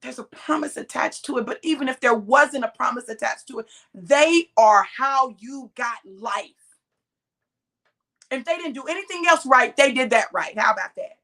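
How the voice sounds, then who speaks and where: Bright, forceful, and animated, a middle-aged woman's high voice carries a sermon-like exhortation at a moderate pace. She speaks straight to her audience with strong emphasis, drawing out key words.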